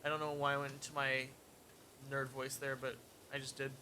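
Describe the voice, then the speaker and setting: Narrating his progress in a cleaning game on stream, this man mutters asides and cracks dry jokes as casual commentary. He speaks at medium pitch, brisk and monotone, with a bright, forceful tone and slight hiss or hum in the audio.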